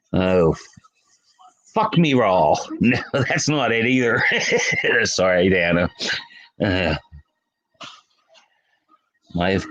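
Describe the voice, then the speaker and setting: Low-voiced, slow-talking livestream man. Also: a bit bright, highs cut off. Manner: chatty, laughs often, talks to chat by name. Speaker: livestream host. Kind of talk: casual livestream chat.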